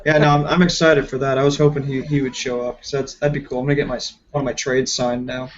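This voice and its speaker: A man co-hosting a casual collector chat with a dry, sarcastic deadpan, over dull lo-fi stream audio. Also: mid-range voice, quick pace. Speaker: podcast co-host.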